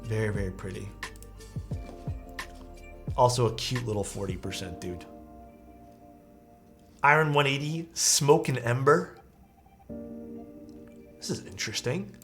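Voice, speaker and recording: During a live stream, a man casually comments on photos of viewers' keyboards, easygoing, enthusiastic, and full of praise. His voice is medium-pitched and a bit bright.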